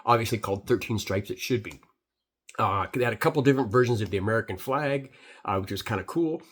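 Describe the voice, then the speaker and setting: A man's voice: lowish voice, fast, breathy edge. A middle-aged Canadian man who reviews beer, recapping a trip in a rambling, swearing, filler-heavy story.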